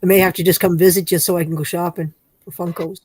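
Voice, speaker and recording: A woman's voice: on the low side, level tone, quick pace, darkish tone, slightly rough, no echo. Chatty woman, dry close sound. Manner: rambling, chatty, playfully teasing. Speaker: livestream craft host. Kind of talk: casual chat while crafting.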